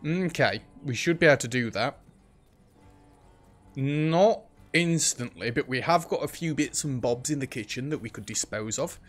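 A man's voice: mid-range voice, moderate pace, faint music behind. A man hosting a let's play, thinking aloud in casual gameplay commentary. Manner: chatty, thinks aloud while playing, frequent ums.

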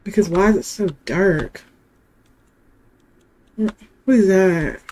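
Slow-talking jittery woman gaming. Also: mid-range voice, darkish tone, a little hiss or hum. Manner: jittery, keeps saying how scared she is, slangy casual talk. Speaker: gaming video creator. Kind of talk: let's-play commentary.

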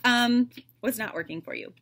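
A woman's voice: fairly high pitch, sing-song, moderate pace, gravelly, a bit bright. Chatty woman giving a tarot reading. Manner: chatty, full of fillers like "like" and "um". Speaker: tarot reader.

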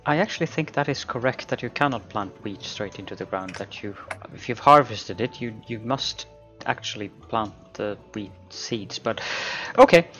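A man's voice: fairly low pitch, moderate pace, fairly bright tone, highs cut off, soft background music. A man hosting a co-op let's-play, chatting casually with dry, wry remarks.

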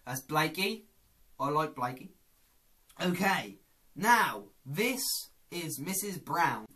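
A man's voice: a little high, big pitch swings, slow, sharp tone. A man hosting a casual comedy vlog, chatty and self-deprecating. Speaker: YouTuber.

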